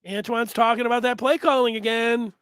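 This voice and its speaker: A man hosting a sports talk show, chatting casually and acting out announcers and fans with lively energy. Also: very high voice, fairly quick, clean tone, no echo. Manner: animated, acts out fans and announcers. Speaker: sports radio host.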